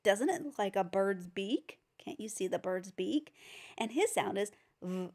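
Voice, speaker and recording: A woman's voice: mid-range voice, expressive, a little slow, darkish tone. A woman giving a phonics lesson for teachers and parents, patiently sounding out each letter. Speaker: reading teacher.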